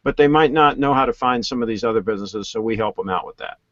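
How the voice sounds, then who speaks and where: Male call-in guest, chatty, dull dry line, mid-pitched voice. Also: fast talker, a bit bright, no echo. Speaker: guest, website owner. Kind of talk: casual call-in chat.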